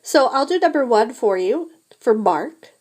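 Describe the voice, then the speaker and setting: A woman teaching a beginner French lesson, slowly modeling each phrase for students to repeat. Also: on the high side, expressive, darkish tone. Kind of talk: classroom language lesson.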